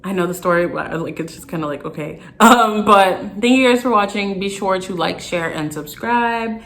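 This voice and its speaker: A young woman vlogger, telling a storytime in an animated, exasperated way. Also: medium pitch, normal speed. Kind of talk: storytime vlog.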